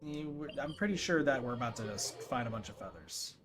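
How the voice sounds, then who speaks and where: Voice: medium pitch, expressive, brisk. A streamer giving casual, goofy commentary while playing a game, full of playful asides, on a desk mic over faint game music.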